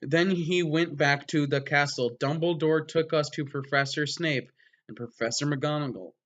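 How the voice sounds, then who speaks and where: A man with a somewhat high voice reads a story aloud in a mock-dramatic way. He breaks off for wry, deadpan sarcasm. The recording is slightly dull and lo-fi. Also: moderate pace. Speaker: comedic reader.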